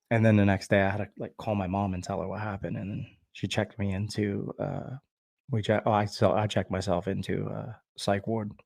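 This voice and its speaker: A man's voice: lowish voice, vocal fry, a little mellow, no room sound. A man vlogging a candid personal story in a rambling, frank way, with fillers, restarts and swearing. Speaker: vlogger sharing his recovery story.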